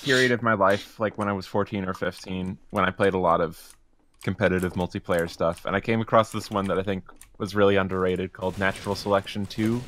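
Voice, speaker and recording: A man's voice: low-pitched, steady tone, fairly quick, a bit bright, slight background noise. A young man in casual chat, stammering and repeating words as he starts a story.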